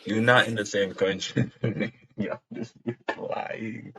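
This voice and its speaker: A man's voice: fairly low pitch, fairly even intonation, slow pace, creaky, bright, forceful tone. A young man streaming casual video chats with strangers, bantering in slang and laughing often. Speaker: streamer chatting with strangers on a video chat app. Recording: dull lo-fi audio with faint noise.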